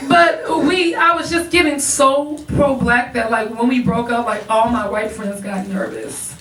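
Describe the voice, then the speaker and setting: A young woman doing a stand-up comedy set, chatty and animated, often laughing at her own jokes. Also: a little high, unhurried, noisy background. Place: comedy club stage. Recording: echoey club, recorded from far off. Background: audience laughter.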